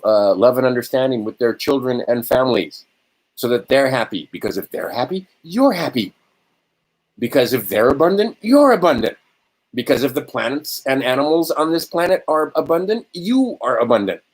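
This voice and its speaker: This middle-aged host talks in a husky, average-pitched voice. He rants emphatically about spiritual matters and swears constantly. He keeps asking his listeners "right?". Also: rough recording. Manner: swearing, emphatic, rhetorical "right?" after points. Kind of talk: profane spiritual rant.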